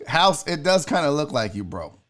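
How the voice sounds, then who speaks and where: A man's voice: fairly high pitch, normal speed, slight background noise. A man hosting a live sports and entertainment stream, ranting casually to his chat with lots of swearing. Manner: profane, animated, talks to chat viewers. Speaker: podcast host.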